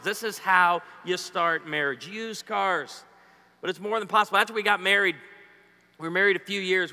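This man in his forties has a high, sharp voice. He delivers a funny sermon full of stories and jokes, trading playful banter with the congregation, and the recording carries a long hall reverb.

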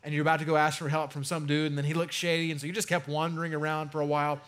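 A male pastor with a slightly higher-than-usual voice, preaching in an easygoing, conversational way. He leans into key words, stretching and lifting them for emphasis. It sounds like a young adult speaking from the pulpit. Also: level tone, a bit bright. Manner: conversational preaching with emphatic swells and drawn-out stresses. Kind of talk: sermon.

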